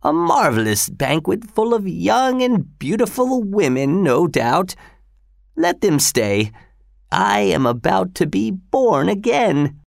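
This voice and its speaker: A dying old man speaks in a frail, breathy voice, as a male reader puts him on, pitched well above the reader's own. His words come slowly and strangely, with a proud, knowing edge. The recording is dry and close. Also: big pitch swings, no echo, heavily acted. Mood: urgent, weak. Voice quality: weak, breathy.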